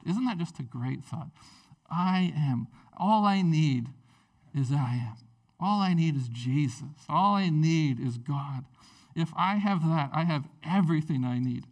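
A male pastor preaching a sermon in a conversational, animated way, with frequent fillers and restarts. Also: fairly high pitch, distant mic.

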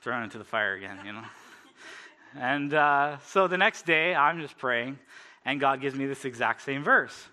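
A man gives a sermon in an easygoing, storytelling way. His voice is bright and forward, and he laughs often between points. He speaks in a middle register with plenty of fillers. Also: mid-range voice, lively intonation, normal speed. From Canada. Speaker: preacher. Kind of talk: sermon with personal stories.

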